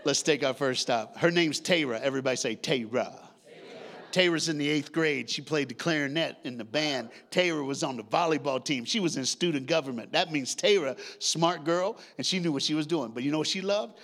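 A man in his sixties preaching a lively sermon, leading the congregation in call-and-response, shouting and half-singing at the peaks and joking in between. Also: a little high, fairly quick. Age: 60s. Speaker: guest preacher.

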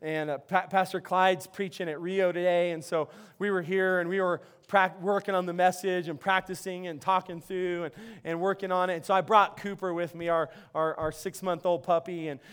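A man's voice: sits high, little pitch movement, moderate pace, few pauses, fairly bright tone, smooth. A male pastor preaching a sermon in a church, telling a story in a loose, conversational way with many restarts and repeated words.

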